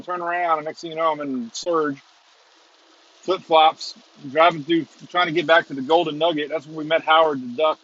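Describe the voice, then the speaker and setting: A man rambles and chuckles through a casual livestream chat from inside a moving car. His voice sits a little high, and the lo-fi audio sounds dull and muffled. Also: fairly bright tone, a little hiss or hum. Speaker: storm chaser, stream host. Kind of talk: casual live chat while driving.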